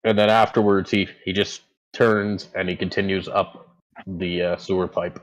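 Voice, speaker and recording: A man with a very low voice runs a tabletop game and narrates the scene. He rambles, often stopping mid-sentence to hunt for the right word. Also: little pitch movement, normal speed, poor audio. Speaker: game master.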